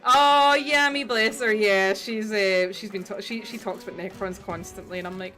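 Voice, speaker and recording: A woman's voice: medium pitch, steady tone, normal speed, few pauses, music in the background. A woman hosting a livestream, chatting casually and rambling, with frequent restarts and the odd swear. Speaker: livestream host. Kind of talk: casual chat while painting.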